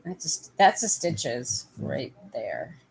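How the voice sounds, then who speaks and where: A woman's voice: extremely low pitch, sing-song, takes it slowly, gravelly, a little mellow, breathy edge. A Canadian woman casually chatting with viewers on a livestream at home, laughing and fussing over her dog. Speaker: livestream host.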